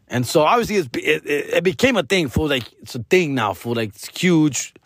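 A man's voice: on the high side, animated, normal speed, no room sound. Profane, rambling man. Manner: profane, rambling, drops Spanish slang. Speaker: podcast host. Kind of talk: comedic storytelling.

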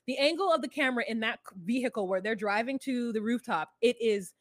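A woman's voice: on the high side, fast talker, no echo, clean studio sound. A woman co-hosting a podcast, recapping a reality show in casual chat full of fillers and asides. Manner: chatty, lots of fillers and asides. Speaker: podcast co-host.

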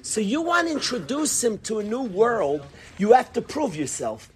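Animated husky teacher, high voice. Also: male voice, measured pace. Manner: animated, acts out dialogues, laughs, repeats phrases. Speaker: rebbe teaching a Torah class. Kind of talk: informal Torah class.

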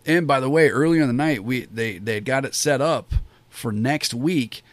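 A man's voice: medium pitch, moderate pace, no echo. A man giving a casual spoken review of a wrestling show, rambling and enthusiastic, with many fillers and restarts.

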